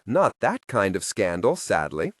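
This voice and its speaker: A man voicing a gruff male mentor with a dry, sardonic way of speaking. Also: on the low side, sing-song, unhurried, no room sound.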